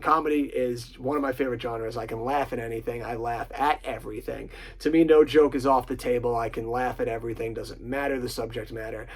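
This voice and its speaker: Male host, gravelly mid-pitched voice, swears freely, gushes over comedy picks. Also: low-quality recording. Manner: profane, enthusiastic, quotes lines in put-on voices. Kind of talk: casual movie countdown commentary.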